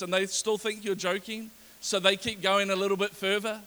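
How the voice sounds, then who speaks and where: A middle-aged male pastor preaching a sermon with lively energy, reading scripture aloud with rising emphasis. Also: high voice, fairly quick, clear, resonant tone. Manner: energetic, animated preaching to a congregation.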